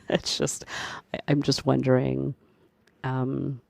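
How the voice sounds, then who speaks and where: This podcast host has a medium-pitched, gravelly voice that stays completely flat and slow, captured in a dry recording. He tells a personal story in a chatty, rambling style, stuffed with "like" and "you know," and keeps laughing as he goes.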